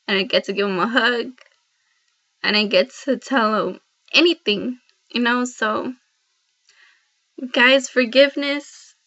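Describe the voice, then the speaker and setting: A Christian vlogger with a fairly high, sharp voice speaks straight to camera in an earnest devotional vlog, heartfelt and rambling as she addresses viewers. The dull, lo-fi sound comes from a laptop's built-in mic.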